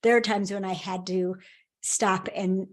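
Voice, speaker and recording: Middle-aged woman, guest author, earnest emphatic storytelling, mid-pitched voice. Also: little pitch movement, a little slow. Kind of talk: conversational interview.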